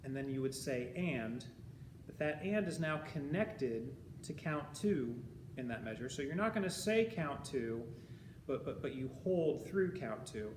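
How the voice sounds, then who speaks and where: Guy band teacher explaining rhythms step by step, counting out loud, echoey room, constant background noise. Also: medium pitch, expressive, a little slow. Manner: patient, explains step by step and counts beats aloud. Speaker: high school band teacher. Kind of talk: recorded music lesson.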